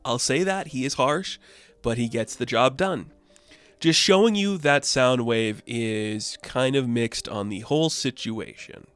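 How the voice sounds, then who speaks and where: A man's voice: mid-range voice, a little slow, fairly bright tone, clean tone, dry recording, faint music behind. A man chatting casually through a comic book review, rambling and filling gaps with "like". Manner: rambling, many "like" fillers.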